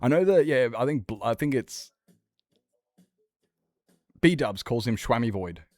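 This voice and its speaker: A man's voice: mid-range voice, expressive, measured pace, no echo. A young Australian man chatting casually on a livestream, swearing freely and laughing often. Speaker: streamer.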